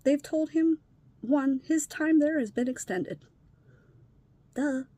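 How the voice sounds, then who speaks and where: A woman's voice: high-pitched, takes it slowly, mellow, no echo. A woman talking bluntly in a candid personal vlog, upset and emotionally worn, swearing casually. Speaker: vlogger.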